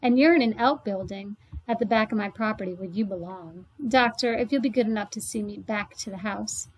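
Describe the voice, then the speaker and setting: A woman's voice: medium pitch, brisk, natural voice, low-quality recording. A woman reading aloud as a sneering, snapping landlady. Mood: scornful. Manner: loud, snapping, sneering drawl. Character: sharp-tongued scornful woman landlady, Irish. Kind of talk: read-aloud storybook.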